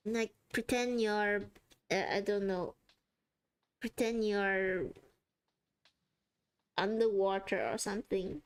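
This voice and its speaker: A woman's voice: medium pitch, steady tone, slow, pauses often, clean tone. A woman streaming live while she draws, chatting casually with viewers and laughing often. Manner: giggly and chatty, often laughing mid-sentence. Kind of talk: casual livestream chat.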